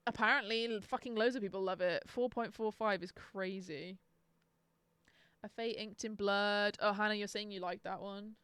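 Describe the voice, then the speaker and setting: A woman's voice: mid-range voice, steady tone, normal speed, a bit bright, smooth, no echo. A young woman chatting casually on a live stream, sarcastic and swearing freely. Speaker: book streamer.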